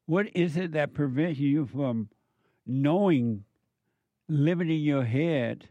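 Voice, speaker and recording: A man's voice: fairly high pitch, slow pace, dry recording, phone-quality sound. A male counselor delivering a preachy monologue, firing off emphatic rhetorical questions in a scolding tone.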